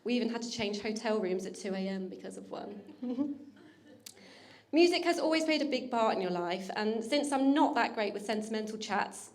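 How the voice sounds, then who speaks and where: A woman's voice: a little high, lively intonation, normal speed. Woman giving a laughing wedding toast. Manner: warm teasing, laughing often, getting emotional. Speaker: bride's older sister giving a wedding speech. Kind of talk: wedding speech. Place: wedding reception hall.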